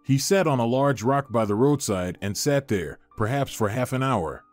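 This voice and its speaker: Male storyteller, expressive pitch, dry booth read over faint music. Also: moderate pace, no room sound. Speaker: narrator. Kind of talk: scripted story narration.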